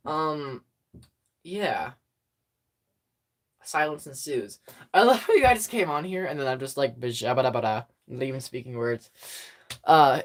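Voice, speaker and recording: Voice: medium pitch, fairly bright tone. A livestream host chatting casually with viewers into a phone, rambling with many fillers and frequent giggles.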